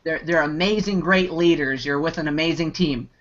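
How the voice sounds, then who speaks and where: A man's voice: a little high, moderate pace, a bit bright, slight background noise. A man hosting a live online Q&A, talking in a rambling way with many restarts and fillers. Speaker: host. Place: online video hangout. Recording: dull lo-fi video call audio.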